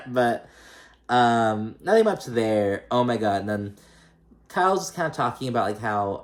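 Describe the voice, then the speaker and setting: A young man talks through a reality show recap in a loose, chatty way. He swears freely, laughs often, and jumps into a high mocking voice when quoting people. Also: sing-song, unhurried. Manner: chatty and profane, laughing often, mimicking cast members in a high voice.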